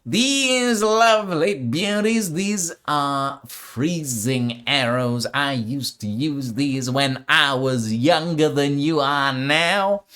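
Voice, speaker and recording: A man's voice: on the high side, bright, forceful tone, clear, resonant tone, pitched above the performer's own voice, heavily acted. A man voicing an eccentric old male arrow merchant in a wobbly put-on accent, drawing out words in a sing-song way as he relishes his wares. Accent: wobbly put-on accent of no fixed place.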